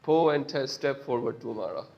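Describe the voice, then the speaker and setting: A man reading an interactive story game's narration aloud in a plain, steady way. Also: medium pitch, a little fast, gravelly, lo-fi sound, soft background music. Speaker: player narrating.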